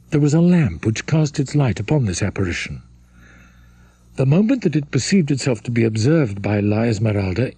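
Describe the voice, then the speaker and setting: Husky-voiced male audiobook narrator. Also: mid-range voice, mellow, no room sound. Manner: dramatic, measured storytelling. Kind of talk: scripted narration of a classic novel.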